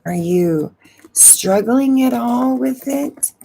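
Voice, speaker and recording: A woman's voice: on the high side, expressive, slow pace, vocal fry, mellow. A woman hosting a casual live stream, talking in a rambling, emotional way and repeating words as she goes. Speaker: astrology channel host.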